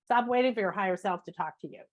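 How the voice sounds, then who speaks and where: Woman, spiritual teacher, podcast guest, casual chat, animated, emphatic repetition, medium pitch. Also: fast, lo-fi sound. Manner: animated, acts out inner voices and self-talk; emphatic, repeats phrases for effect.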